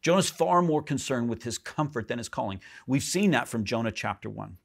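A pastor preaching a sermon in a church, animated, jumping up high for emphasis and dropping soft. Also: male voice, brisk, creaky, hardly any pauses, slightly rough.

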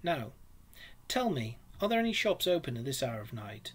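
A man's voice: mid-range voice, very animated, moderate pace, breathy edge. A man reading aloud, voicing an eager, commanding male water rat in a storybook. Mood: bossy.

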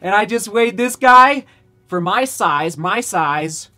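Excitable man vlogging about running. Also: high voice, slow. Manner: enthusiastic, exclamatory, repeats phrases for emphasis. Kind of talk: excited casual vlog.

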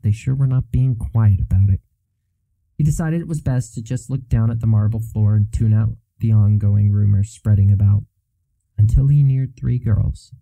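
A man narrating a fantasy novel as an audiobook in a steady, even storytelling manner. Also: lowish voice, creaky, dry recording, poor audio.

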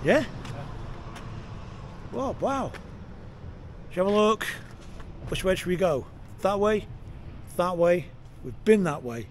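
Middle-aged guy vlogging a village walk, kinda high voice, gushes over everything, action cam audio. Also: expressive, slow, pauses often, a little hiss or hum, low-quality recording. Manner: enthusiastic, admiring, chatty. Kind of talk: walking tour vlog narration. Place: outdoors in a village, then inside a small shop. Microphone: action camera mic.

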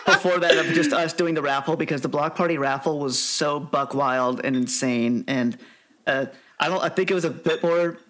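A man co-hosts a podcast and chats playfully. His voice sits a little high. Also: moderate pace, a bit bright, a little hiss or hum. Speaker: podcast co-host. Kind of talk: casual podcast chat.

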